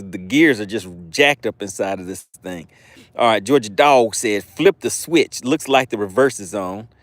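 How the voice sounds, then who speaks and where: A man hosts a live fishing stream outdoors by the water, reading viewer chat aloud and playfully teasing the audience. His voice sits at a medium pitch, with no room sound in the recording.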